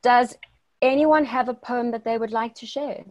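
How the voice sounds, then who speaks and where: A woman's voice: on the high side, normal speed. Effusive South African woman hosting. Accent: South African English. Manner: effusive and affirming. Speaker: webinar host. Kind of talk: casual online chat. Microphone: video call.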